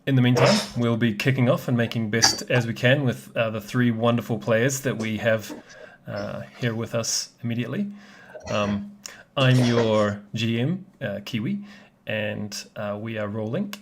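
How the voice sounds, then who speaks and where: A man opening a live tabletop game stream as game master, relaxed and filling pauses with ums. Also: medium pitch, a little hiss or hum. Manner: relaxed, hesitant with many fillers. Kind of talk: casual stream intro.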